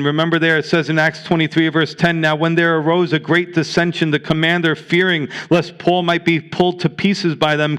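An earnest male pastor preaching from the pulpit, leaning into each line of scripture. His voice sits a touch on the high side and presses the listener to take heart. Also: a bit bright, clean tone. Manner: earnest, exhorting, reads scripture aloud. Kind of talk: sermon.

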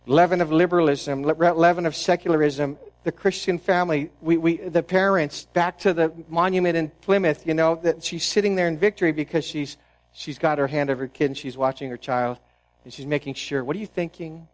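Male pastor, fairly high voice, earnest sermon delivery, falls quiet for emphasis. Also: fairly even intonation, brisk, poor audio. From New England, United States. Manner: earnest preaching with restarts and sudden drops to a hushed tone.

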